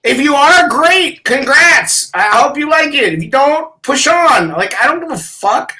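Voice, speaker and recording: A woman's voice: high-pitched, animated, unhurried, bright, forceful tone, far from the mic, rough recording. A woman in her thirties, co-hosting a podcast, ranting in a profane, exasperated way. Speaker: podcast co-host. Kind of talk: casual podcast chat.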